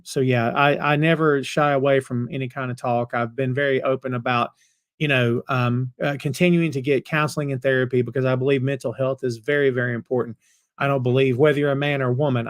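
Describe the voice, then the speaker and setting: A man's voice: mid-range voice, little pitch movement, a little fast. A man hosting a wrestling podcast, chatting casually with live viewers and greeting them by name. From North Carolina. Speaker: podcast host. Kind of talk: casual chat reading live comments.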